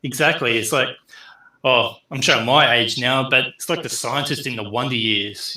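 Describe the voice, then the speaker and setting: A middle-aged university lecturer teaches an online class, chatty and full of fillers, speeding up and slowing down as he goes. His medium-pitched voice is bright and forceful, but the audio is poor and sounds roomy.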